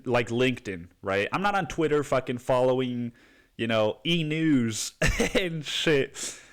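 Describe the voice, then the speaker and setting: Young male podcast host, sniffly with a cold, slow, rambling and profane, mid-pitched voice. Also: smooth. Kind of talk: casual podcast monologue.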